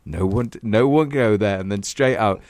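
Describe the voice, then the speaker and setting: A man, co-hosting a podcast, telling a funny story in an animated way and laughing often. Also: lowish voice, normal speed, no echo. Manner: animated, laughing through stories, acts out voices. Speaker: podcast co-host. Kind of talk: casual storytelling chat.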